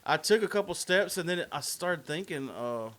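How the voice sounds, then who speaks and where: A man's voice: on the high side, expressive, normal speed, fairly bright tone. A man hosting a podcast in casual chat, telling a story with laughs and self-mocking humor. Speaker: podcast host.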